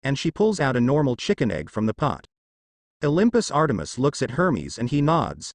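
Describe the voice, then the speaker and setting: Animated man reading fanfiction. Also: medium pitch, moderate pace, dry recording, clean studio sound. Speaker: narrator.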